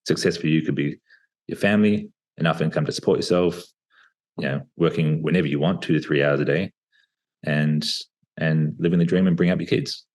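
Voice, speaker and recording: A man in his thirties, a podcast guest talking reflectively over a video call, with plenty of pauses and fillers. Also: extremely low pitch, a little mellow. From Australia. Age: 30s. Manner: reflective, hesitant with many fillers. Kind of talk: casual interview talk.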